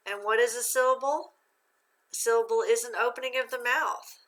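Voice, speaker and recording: A woman with a bright, clear voice leads a reading lesson at an even teacher's pace. She asks simple questions, waits, then confirms the answers patiently. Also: medium pitch, poor audio. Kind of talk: phonics lesson for young learners.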